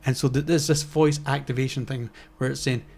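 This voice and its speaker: A man talks his way through a casual podcast conversation at a middling pitch. He rambles and circles back, with plenty of ums, restarts and half-finished phrases. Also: steady tone, fairly quick, gravelly, a little mellow. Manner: rambling, many fillers and restarts. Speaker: podcast co-host. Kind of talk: casual chat.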